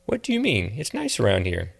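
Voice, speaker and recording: A man's voice: on the low side, huge pitch swings, fairly quick, creaky, slightly rough, exaggerated voice. A man doing an easygoing, amused grown woman. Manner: lightly amused.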